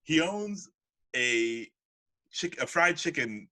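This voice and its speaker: A man co-hosting a casual podcast chat, excitable and laughing often. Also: on the high side, slow pace, rough recording. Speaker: podcast co-host.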